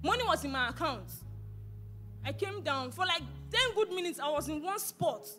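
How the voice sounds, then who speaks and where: A young Nigerian woman telling an animated personal testimony in church, slipping into Pidgin. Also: very high-pitched, normal speed, over music. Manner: animated storytelling, switches into Pidgin. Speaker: church member giving testimony.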